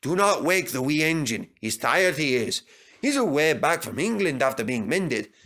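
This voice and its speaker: Proud, touchy male engine, brisk and bright, put on by a man. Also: a little high, big pitch swings. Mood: gruff.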